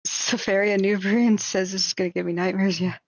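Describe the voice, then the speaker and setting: A woman hosting a livestream, telling a rambling story in a casual, animated way, acting out what people said. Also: mid-range voice, fairly quick, no room sound. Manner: animated, rambling, acts out quotes with shrieks and laughs. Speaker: livestream host.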